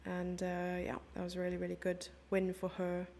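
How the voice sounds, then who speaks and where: Chatty South African woman, gravelly voice. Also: on the low side, monotone, fairly quick, darkish tone, a little hiss or hum. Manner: chatty, giggly, reads chat messages aloud. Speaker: chess commentator and streamer. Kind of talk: live chess commentary, chatting with stream chat.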